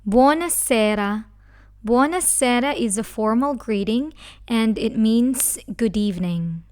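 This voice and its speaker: A woman teaching a language lesson who speaks slowly and carefully, breaking words into syllables. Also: on the high side, expressive, darkish tone, clean tone. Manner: slow, careful, spells out syllables. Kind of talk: slow scripted lesson.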